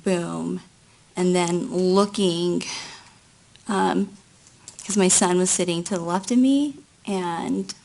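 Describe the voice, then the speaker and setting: A woman giving courtroom testimony at an unhurried, careful pace. Her voice carries a gravelly rasp at the bottom of its range, and she recounts events slowly and haltingly, pausing between phrases. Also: lowish voice, darkish tone. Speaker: trial witness.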